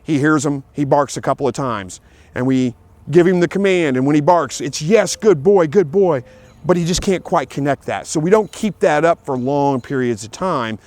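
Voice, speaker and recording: A man's voice: fairly high pitch, normal speed, a little mellow. A man talking casually outdoors about training his dog, plain and easygoing, repeating himself and calling out commands to the dog now and then. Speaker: dog owner giving training tips. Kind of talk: casual outdoor vlog talk. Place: outdoors in a field.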